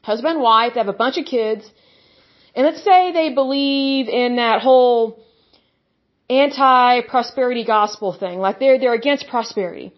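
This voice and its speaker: A female preacher delivers an impassioned religious monologue, blunt and scornful, mocking the views she rejects by putting on voices for her opponents. Her voice is a little high and her pace moderate. The audio sounds dull.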